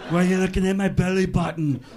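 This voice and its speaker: A comedian doing an exaggerated impression of a shouting, muscle-bound action star. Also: male voice, high voice, level tone, fast talker. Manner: heavy accent, shouting, exaggerated. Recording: live club, loud crowd and noise.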